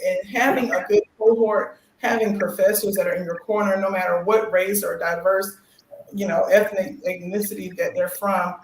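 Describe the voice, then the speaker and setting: Expressive storytelling woman, roomy sound. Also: mid-range voice. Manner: expressive, acts out quotes, laughs. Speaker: guest, new doctorate holder. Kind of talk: casual talk-show storytelling. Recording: roomy echo with faint noise.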